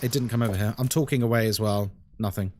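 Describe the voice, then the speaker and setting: A man's voice: fairly low pitch, fairly even intonation, fast talker, very noisy. A British man streaming a horror game live, chatting casually and explaining things to his chat with lots of "like" and "um". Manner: chatty and explanatory, many fillers like "like" and "um". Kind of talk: live gameplay commentary, answering chat.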